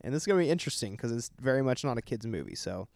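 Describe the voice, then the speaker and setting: A man's voice: mid-range voice, very animated, rapid-fire, gravelly, darkish tone, no echo. A man co-hosting a podcast in a casual, wisecracking way. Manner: dry, wisecracking. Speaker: podcast co-host. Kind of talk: casual comedic chat.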